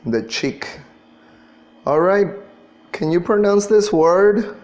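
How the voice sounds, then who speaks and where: A man's voice: high voice, expressive, slow pace, darkish tone, muffled recording. A man teaching an English class, patiently drilling pronunciation and spelling words out letter by letter. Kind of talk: classroom lesson.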